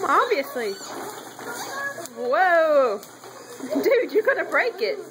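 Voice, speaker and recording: High sing-song mother cooing at her baby. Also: very animated, takes it slowly. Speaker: parent filming her baby. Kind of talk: home video baby talk. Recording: home camera with loud background noise.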